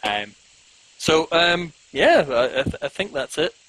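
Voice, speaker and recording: A man's voice: fairly high pitch, sing-song, a little slow, a bit bright, low-quality recording. A man chatting casually as a guest, rambling with lots of "um"s and self-mocking jokes. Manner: rambling, frequent ums, self-mocking humor. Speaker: podcast guest. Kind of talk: casual video-call chat.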